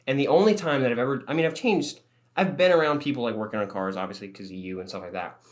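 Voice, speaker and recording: A man's voice: mid-range voice, fast talker. A young man co-hosting a podcast, telling a rambling story in casual chat, swearing and laughing often. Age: young adult. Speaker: podcast co-host.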